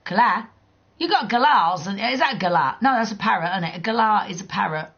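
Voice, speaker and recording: A woman chats and teases her viewers while gaming, blunt and quick to swear. Her voice is husky and breathy, with a gravelly edge. The sound is dull and lo-fi, like a cheap stream mic. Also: mid-range voice, animated, fairly bright tone. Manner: blunt, teasing, swears freely, laughs often. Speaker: livestreamer. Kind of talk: casual chat while gaming.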